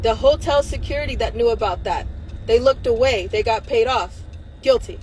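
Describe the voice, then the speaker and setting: This livestream host's voice is a little high with a darkish tone, moving at normal speed as she rants with angry defiance, swearing freely and nearly crying at moments. Slight background noise accompanies a rough recording.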